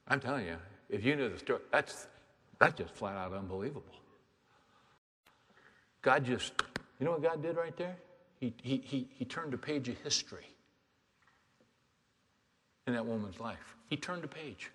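A man preaching a sermon as a pastor, dropping to quiet, hushed lines and then rising to loud, fervent exhortation. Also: medium pitch, expressive, normal speed, pauses often. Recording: long hall reverb.

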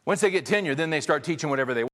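A man preaching with a fairly high voice, pressing his points hard and repeating key lines for stress. He speaks straight to the congregation in a loose, conversational way. A long reverb trails his words around a large hall. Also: animated, rapid-fire, fairly bright tone. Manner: conversational, addresses the congregation directly. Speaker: pastor. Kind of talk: sermon.

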